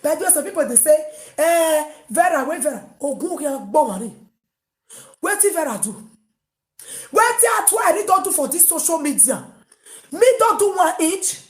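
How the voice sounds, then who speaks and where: A woman with a Nigerian Pidgin accent hosting an online gossip show, mocking loudly and breaking into sung chants. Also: high-pitched, sing-song, normal speed. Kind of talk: animated gossip commentary. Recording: echoey room.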